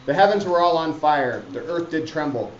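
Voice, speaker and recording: A man's voice: a little high, lively intonation, moderate pace, slight background noise, voice pushed up, close to an everyday voice. A man reading out the lines of a boastful male Welsh magician in class, raising his voice. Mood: grandiose. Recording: roomy, dull classroom recording.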